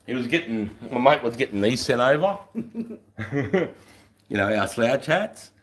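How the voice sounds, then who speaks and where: A man's voice: mid-range voice, lively intonation, a little slow. A middle-aged Australian man, a former soldier, telling blunt, profane stories in casual podcast chat. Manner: blunt, heavily profane storytelling.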